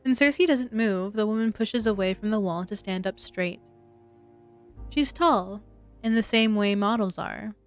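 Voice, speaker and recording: A woman streamer reading a story game aloud, with animated, chatty asides to her viewers. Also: medium pitch, measured pace, clear, resonant tone, faint music behind. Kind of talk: reading a visual novel aloud to chat.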